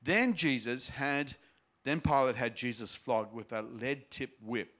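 A man teaching from a Bible passage, reading it aloud in a mid-range voice and then stopping to explain it in a relaxed, chatty way. He sounds like an informal teacher talking straight to his group. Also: mid-range voice, unhurried. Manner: casual, explanatory asides. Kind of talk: scripture reading with commentary.

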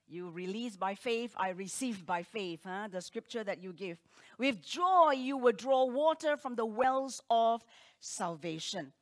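A woman preaching a sermon, talking emphatically with rhetorical questions and swinging between loud declarations and hushed asides. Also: medium pitch, a little slow.

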